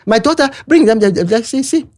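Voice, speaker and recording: Older Nigerian-accented man for a podcast guest spot: warm, mellow tone, lively swoops in pitch, emphatic and repetitive delivery. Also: brisk. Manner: animated, emphatic, repeats his points. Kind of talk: casual podcast chat.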